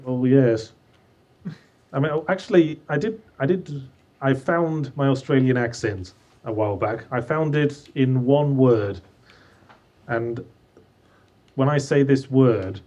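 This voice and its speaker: A man's voice: medium pitch, a little slow, warm tone. A man calling in as a guest author, chatting casually with dry, wry humor. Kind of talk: casual chat.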